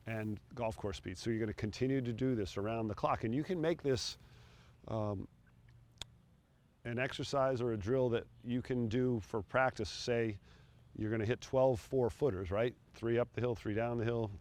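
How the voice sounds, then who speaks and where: A middle-aged man coaching putting outdoors on a green, talking in a relaxed, encouraging way between putts. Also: medium pitch, unhurried. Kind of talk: on-course instruction.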